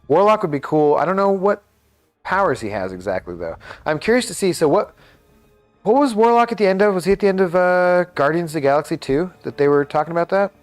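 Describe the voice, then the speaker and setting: A man's voice: high-pitched, lively intonation, a little fast, faint music behind. A man streaming a game live, chatting casually and thinking aloud with lots of fillers.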